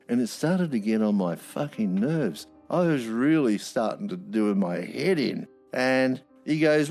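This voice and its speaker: A man, a former prison officer, spins stories in a blunt, wry way, swearing freely. His voice sits at a middling pitch. Soft music runs faintly behind him. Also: expressive, a little slow, vocal fry, hardly any pauses. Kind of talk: anecdotal storytelling.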